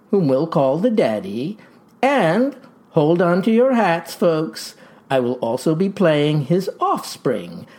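An actor playing a folksy farmer pitching a tonic in a comic ad, with verbose, showman's patter. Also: a little mellow. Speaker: pitchman in a mock radio ad. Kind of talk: comic radio ad acting.

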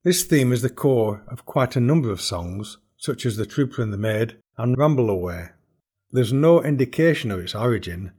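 A man hosting a podcast, reading a scripted explanation in a measured, explanatory way. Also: medium pitch, lively intonation, darkish tone, breathy edge. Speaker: podcast host and folk singer.

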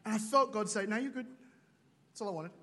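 A man preaching a sermon, telling jokey stories with quick asides to a church auditorium. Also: high-pitched, pushed and bright. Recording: large hall with long reverb.

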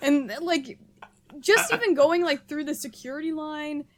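A young woman co-hosting a podcast, telling a story in casual chat, animated and laughing, acting out her family's lines. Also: high-pitched, moderate pace. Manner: animated, acts out family quotes, laughs often. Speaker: podcast co-host.

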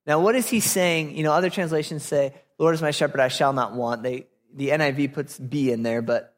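A young male pastor gives a relaxed, conversational sermon, dotted with ums and uhs. His voice sits a little high for a man. It rings out with a long reverb, as if in a church hall. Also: brisk, few pauses. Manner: casual conversational preaching with fillers.

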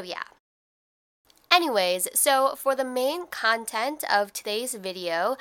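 A young woman talks through her own podcast episode in a loose, reflective way, leaning on "like" and little restarts. Her voice sits a bit high and has a crisp, bright edge. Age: young adult. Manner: chatty, filler-heavy, reflective. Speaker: podcast host. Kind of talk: casual solo podcast talk.

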